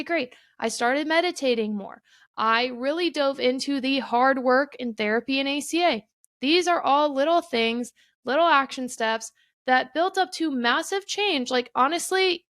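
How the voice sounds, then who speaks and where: Candid high-voiced woman podcast host. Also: a bit bright, no echo, clean studio sound. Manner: candid and swears freely. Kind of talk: casual solo podcast monologue.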